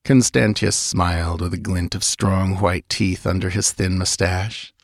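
A man narrating a fantasy audiobook in an expressive, measured storytelling manner. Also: low-pitched, dry recording, clean studio sound.

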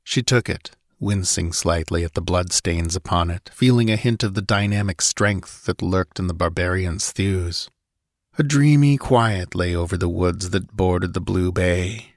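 Low-voiced male audiobook narrator. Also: no echo, studio quality. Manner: measured, storytelling. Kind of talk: scripted narration.

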